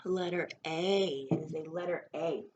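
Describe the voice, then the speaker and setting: A woman teaching preschoolers a recorded phonics lesson, stretching out letter sounds in a slow, sing-song way. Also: deep voice, darkish tone, dull audio, a little hiss or hum.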